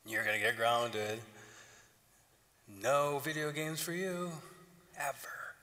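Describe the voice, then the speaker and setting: A man's voice: mid-range voice, expressive, slow, sharp tone, in a large hall. A man voicing a petulant, resentful older brother who whines with indignation during a sermon. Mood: indignant.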